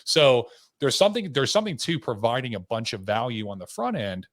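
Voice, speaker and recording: A man hosting a podcast, telling stories in a relaxed, chatty way with fillers and some swearing. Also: mid-range voice, fairly quick, no room sound, studio quality. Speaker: podcast host, insurance agent. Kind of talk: casual podcast conversation.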